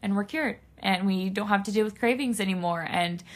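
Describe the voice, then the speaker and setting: A woman's voice: mid-range voice, brisk. A young woman hosting a solo podcast, speaking earnestly and emotionally straight to her listeners, near tears. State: tearful. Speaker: podcast host.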